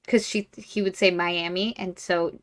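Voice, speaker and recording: A woman's voice: lowish voice, steady tone. A woman co-hosting a podcast, talking casually and wryly about a novel. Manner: wry, quick, joking. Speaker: podcast co-host. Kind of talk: casual book review chat.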